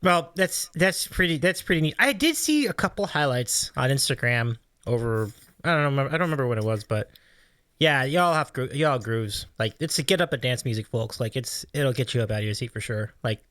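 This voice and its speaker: Lively, effusive male interview host. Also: mid-range voice, fairly quick, no echo, clean studio sound. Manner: animated, effusive, says "like" and "really cool" often. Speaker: podcast host. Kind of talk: casual interview chat.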